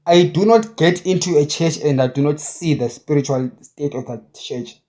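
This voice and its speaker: A man preaching with a high-pitched yet mellow voice. He drives his points home with blunt, repeated short phrases. His delivery is forceful and insistent. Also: normal speed. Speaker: self-described prophet. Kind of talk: impassioned preaching monologue.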